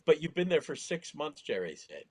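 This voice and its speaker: A man's voice: a little high, very animated, moderate pace, breathy edge, no room sound. A male comedian in casual podcast chat, teasing the others dryly.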